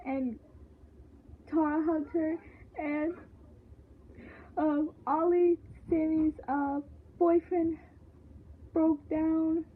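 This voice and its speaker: A woman's voice: high-pitched, fairly even intonation, very slow, long pauses, a little hiss or hum. A woman chatting casually as she recaps a show, rambling with lots of fillers and restarts. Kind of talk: casual chat. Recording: tinny phone-like sound.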